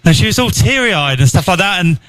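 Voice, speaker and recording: Guy on the radio, high voice, rambling through a funny story, trips over his words. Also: expressive, brisk, fairly bright tone, no room sound. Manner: rambling, stumbling, laughing anecdote teller. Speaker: radio show co-host. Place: radio studio.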